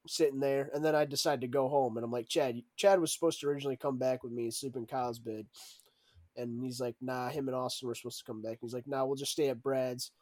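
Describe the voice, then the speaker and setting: A man's voice: medium pitch, a little mellow, no echo. A young man telling a story in a casual chat, laughing often and acting out what others said. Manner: laughing storyteller, acts out quotes with raised voice.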